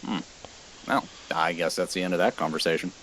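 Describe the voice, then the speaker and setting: A man's voice: sits low, brisk, fairly bright tone, dry recording, rough recording. A man playing a tabletop game, chatting casually and explaining his choices. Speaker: player.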